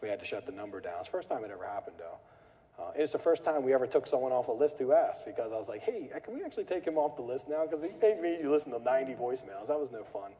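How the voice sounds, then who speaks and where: A man hosts a live meetup and talks quickly and casually to the group. His voice is mellow and warm, and it carries a long hall reverb. He tells animated stories and acts out angry callers in a high voice. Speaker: meetup host.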